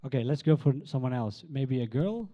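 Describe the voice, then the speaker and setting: Man halting through a live demo. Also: medium pitch, expressive, dark tone, highs cut off. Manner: halting, many fillers and restarts. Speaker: event presenter. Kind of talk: casual live demo talk. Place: conference hall with crowd.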